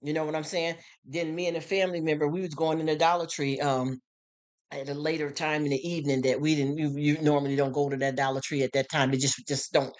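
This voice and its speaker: A middle-aged woman live streams a casual monologue, reacting to and reading viewer comments. Her voice is low, level and a little mellow, and she talks fast, bluntly and emphatically, repeating words often.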